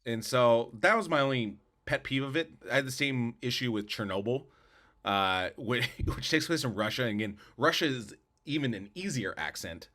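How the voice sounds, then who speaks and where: A man's voice: medium pitch, expressive, normal speed, fairly bright tone. A man co-hosting a podcast, chatting casually about movies in a rambling, opinionated way with lots of restarts. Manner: rambling, repeats words, opinionated. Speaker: podcast co-host. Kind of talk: casual movie review chat.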